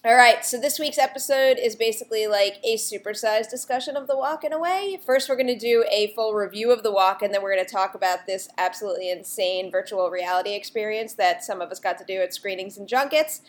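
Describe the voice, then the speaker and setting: A woman's voice: mid-range voice, fairly quick, few pauses. A woman hosting a movie podcast, introducing her co-hosts in a friendly, conversational way. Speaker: podcast host. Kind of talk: casual movie talk show.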